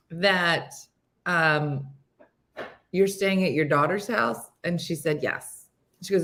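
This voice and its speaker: A woman in her fifties hosting a casual morning show, telling a story with animated delivery and acting out her friends' voices. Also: deep voice, unhurried. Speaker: host.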